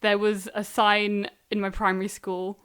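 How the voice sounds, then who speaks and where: A woman's voice: mid-range voice, unhurried, clear, resonant tone. Chatty woman, laughing easily. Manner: chatty, laughs easily, animated when recalling. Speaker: guest, German learner. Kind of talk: casual interview answers.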